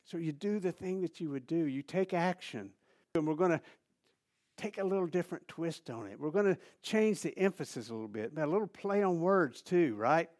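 Animated male pastor preaching. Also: a little high, normal speed. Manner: animated, repetitive preaching with rising emphasis and soft asides. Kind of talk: sermon.

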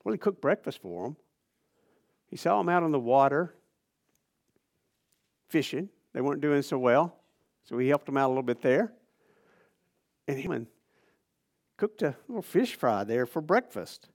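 A man preaching a sermon in a casual, conversational way, swinging between loud emphasis and hushed near-whispers. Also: mid-range voice, animated, moderate pace, pauses often. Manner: casual, conversational phrasing with restarts.

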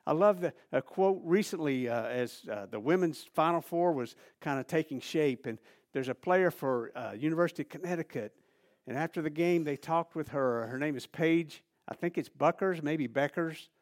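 Animated male pastor preaching. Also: on the high side, moderate pace. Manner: animated, repetitive preaching with rising emphasis and soft asides. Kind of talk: sermon.

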